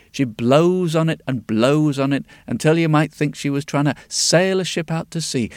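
A man telling a folk tale in a rhythmic, lilting way, dropping to hushed tones at times. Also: fairly high pitch, no echo. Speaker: storyteller.

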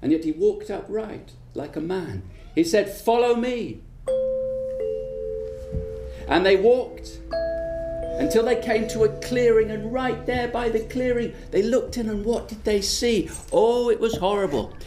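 A woman telling a folk tale aloud, with dramatic, repetitive, drawn-out phrasing. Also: mid-range voice. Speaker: storyteller. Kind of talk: oral storytelling. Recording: roomy echo with music behind.

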